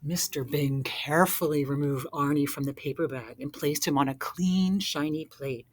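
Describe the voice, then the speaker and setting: A woman reading a children's picture book aloud with expressive narration. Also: sits low, normal speed. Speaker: storybook reader.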